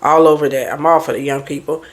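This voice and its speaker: A woman's voice: sits low, fast. A middle-aged woman therapist and life coach, giving blunt, preachy motivational advice in a casual talk. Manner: blunt, animated, preachy advice with mimicked quotes.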